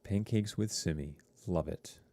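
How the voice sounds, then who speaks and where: Speaking a little slowly and warmly, a high school TV production teacher talks to his students over a live stream. His chat is casual, drifting into rambling asides and full of fillers.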